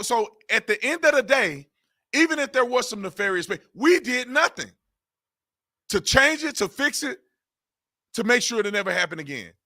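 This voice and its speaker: A man's voice: extremely high pitch, bright, forceful tone. A man hosting his own political commentary channel, ranting in exasperation and firing off repeated rhetorical questions in informal speech.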